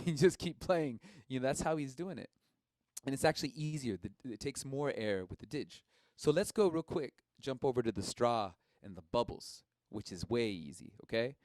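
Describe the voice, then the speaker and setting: A man's voice: mid-range voice, darkish tone, no echo. A man casually teaching a live-streamed music lesson, encouraging and explaining each step plainly.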